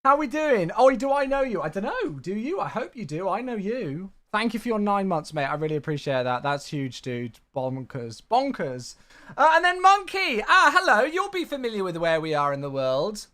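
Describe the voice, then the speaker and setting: Chatty man with lively pitch. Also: fairly quick, few pauses. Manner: chatty, thanks viewers warmly by name, says "mate" a lot. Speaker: flight sim streamer. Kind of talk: casual live-stream chat.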